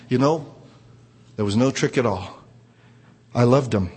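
A man telling a personal story aloud in an earnest way, rising to excited emphasis. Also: on the high side, measured pace, slightly rough. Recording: reverberant room.

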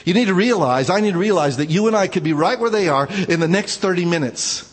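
A male pastor preaches a conversational sermon, sharing personal stories informally and often tossing in "man" as an aside. His high voice is expressive, quick and slightly rough. The sound carries the feel of a big room.

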